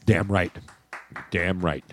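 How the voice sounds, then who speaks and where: A man's voice: low voice, steady tone, takes it slowly, slight background noise. An older man hosting a casual podcast, teasing his co-hosts and laughing often. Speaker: podcast host. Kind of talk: casual sports podcast banter.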